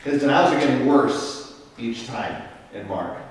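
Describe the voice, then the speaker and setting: At a measured pace, a medium-pitched parish priest takes his Bible study group through the material step by step, casually pausing to ask "Okay?". He's recorded from afar in an echoey parish meeting room, with slight background noise.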